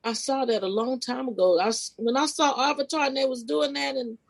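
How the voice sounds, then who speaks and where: A woman guesting on a podcast as a spiritual life coach, telling a personal story casually and expressively, her voice leaping high at the big moments. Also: fairly quick, gravelly, poor audio. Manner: animated, expressive retelling with sudden pitch leaps; casual, informal phrasing with restarts.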